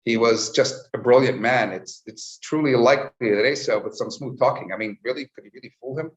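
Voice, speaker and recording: A man teaching Torah as a rabbi, telling stories and acting out quotes in a lively way. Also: mid-range voice, a little fast. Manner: storytelling with lively voiced quotes. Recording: echoey, slightly dull recording.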